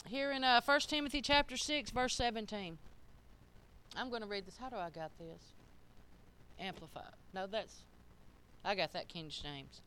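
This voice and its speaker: A middle-aged woman preaching a sermon in a church, emphatic and swinging up to shouted peaks. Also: medium pitch, moderate pace, long pauses, slight background noise.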